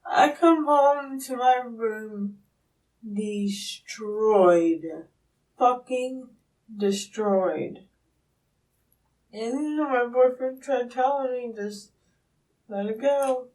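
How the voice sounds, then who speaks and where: A young woman in her twenties, sedated and slurring, answering questions in a police interview room, halting and trailing off. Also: fairly high pitch, a little mellow. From Florida, USA. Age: 20s. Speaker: suspect being questioned. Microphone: room recording device. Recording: distant room recording.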